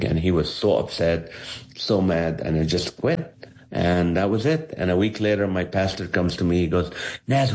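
A comedian from the Middle East with a slightly low voice recounts his life in an interview. He tells it with animation and slips into the voices of the people he describes. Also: a little mellow. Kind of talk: storytelling testimony in an interview.

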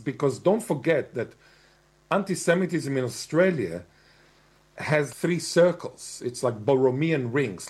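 A man talks through his points in a lecturing monologue, wry and emphatic. His voice sits in a middle pitch with a husky, slightly breathy edge. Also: a little mellow. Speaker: commentator. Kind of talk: spoken monologue commentary. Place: Australia.

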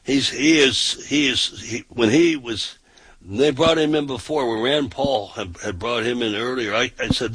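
A man's voice: medium pitch, normal speed, a bit bright, husky, no echo, low-quality recording. A man hosting a casual talk show, talking emphatically and often repeating himself and restarting his sentences.

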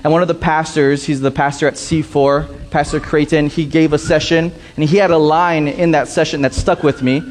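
Man preaching a sermon, slightly high voice. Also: fairly even intonation. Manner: repeats key lines slowly for emphasis. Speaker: pastor.

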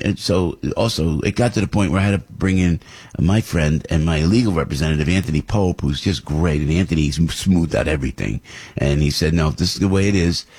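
Deep husky New radio host. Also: male voice, darkish tone, dry recording. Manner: rambling storyteller, acts out quoted voices, many restarts. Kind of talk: casual radio talk. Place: radio studio.

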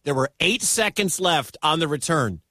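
A man calling live radio football play-by-play, excitable and quick to shout at big moments. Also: on the high side, no echo, clean studio sound. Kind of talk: live radio sports commentary.

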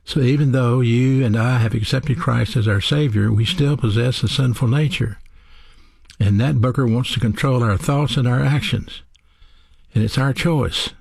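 A man teaching a sermon, speaking in a measured, deliberate way and asking rhetorical questions to his listeners. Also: medium pitch, gravelly, a little mellow, breathy edge, no room sound, clean studio sound. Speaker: radio Bible teacher.

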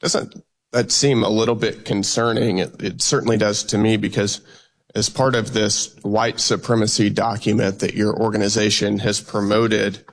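Flat-voiced male congressman probing. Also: on the low side, moderate pace. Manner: pointed, probing questions. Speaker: congressman questioning witness. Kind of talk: congressional hearing questioning.

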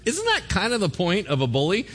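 Animated man preaching casually. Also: high-pitched, fairly quick, breathy edge. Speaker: pastor. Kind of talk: sermon.

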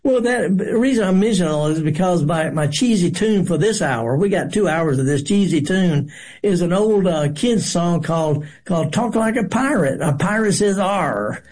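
Husky high-voiced man hosting radio. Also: animated, moderate pace, a little mellow. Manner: folksy, rambling, corny jokes. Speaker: radio gardening show host. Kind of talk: casual radio talk.

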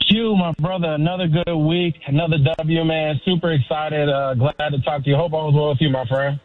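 Over a tinny phone line with no room sound, this middle-aged Sacramento caller speaks fairly quickly in a slightly high, flat voice. He's effusive and rambling in his excited sports call-in chat, addressing the host as "brother."

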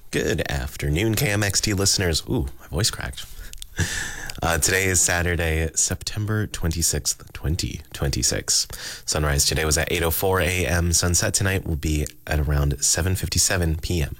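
A man hosting a local radio show, reading the weather and tides in a relaxed, chatty way. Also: sits low, normal speed, no echo. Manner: relaxed, chatty, reads figures with asides. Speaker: radio host. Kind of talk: casual radio announcing.

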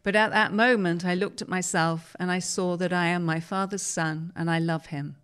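A woman, reading newspaper articles aloud on the radio in a steady, measured way. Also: fairly low pitch, smooth. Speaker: radio reader.

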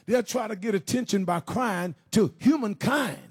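A man preaching a sermon, questioning his listeners directly and swinging from low, slow passages into shouted, sing-song preaching. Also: breathy edge. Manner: addresses the congregation with direct questions.

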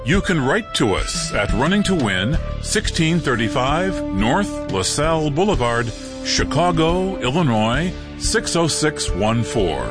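A male radio announcer reading the program close and mailing address in a measured way. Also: a little high, very animated. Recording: clear music bed under the voice.

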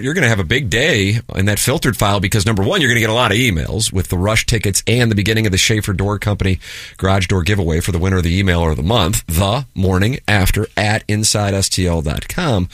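A man's voice: low voice, fairly bright tone, dry recording, clean studio sound. A man hosting a talk radio show, reading listener texts aloud and teasing his co-hosts in casual banter.

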